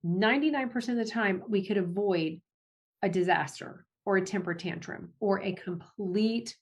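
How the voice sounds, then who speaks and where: A woman, a parent advocate, speaking as a guest in a conversational interview, animated, with frequent restarts and laughs. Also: normal speed. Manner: animated, acts out family quotes with big pitch jumps.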